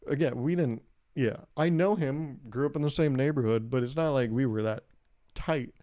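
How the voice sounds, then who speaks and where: Pikachu, the little electric creature, talks like any candid office guy as a man voices him. He chats on in a plain, rambling way with a mellow, warm tone. It sounds like a comedy podcast bit. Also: medium pitch, moderate pace, dull audio, lightly acted. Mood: matter-of-fact. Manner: plain everyday voice, chatty, rambling. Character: Pikachu as an articulate, candid male office worker.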